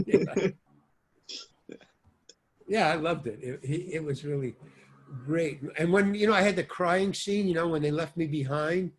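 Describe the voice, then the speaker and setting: An older man, an actor and stand-up comedian, telling rambling anecdotes as an interview guest, with sudden swings between loud and soft. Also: fairly high pitch, unhurried, pauses often. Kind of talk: casual anecdotal storytelling.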